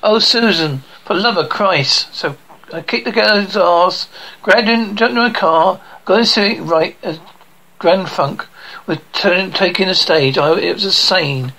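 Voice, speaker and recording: A bright, crisp-edged voice reads through a cartoon episode scene by scene. Character dialogue and spoken sound captions run together, broken by clipped words and restarts. The pitch sits in the middle range. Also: measured pace, low-quality recording. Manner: jumps between characters' lines and caption readouts.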